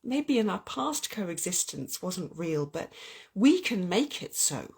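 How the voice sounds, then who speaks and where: A woman's voice: lowish voice, sing-song, slow pace, creaky, a little mellow, breathy edge. A woman hosting an earnest, heartfelt spiritual chat about love and oracle cards, often restarting her sentences. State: getting weepy. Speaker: spiritual channel host.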